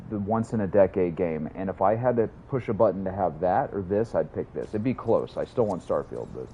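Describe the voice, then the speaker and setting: A man streaming a game from his hot room at home, talking excitedly and with a lot of swearing to his chat. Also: low-pitched, a little fast, highs cut off, a little hiss or hum. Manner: excited, profane, chatty with chat. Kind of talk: casual livestream chat.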